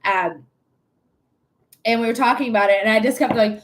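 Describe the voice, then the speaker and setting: Young woman, high voice, live-stream psychic host, loose and profane, quick to laugh. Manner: chatty, swears freely, laughs often. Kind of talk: casual live-stream chat.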